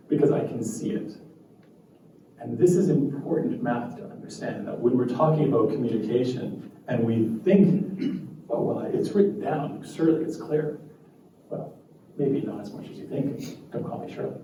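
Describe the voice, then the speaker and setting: A man giving an animated live talk to a group, laughing often and acting out quotes. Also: mid-range voice, measured pace. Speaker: meetup speaker. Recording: echoey room from far off, faint noise.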